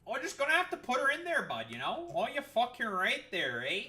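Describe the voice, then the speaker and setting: A man voicing a brash, aggressive stereotypical Canadian guy in an exaggerated Canadian accent, loud and taunting with drawn-out vowels. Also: very high-pitched, wildly swooping pitch, voice pushed up, exaggerated voice.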